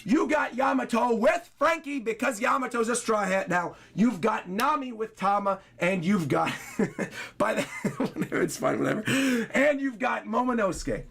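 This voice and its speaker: A young man streaming a live reaction to a manga chapter, excitably reading the dialogue aloud in a dramatic, drawn-out way. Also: high voice, gravelly, breathy edge.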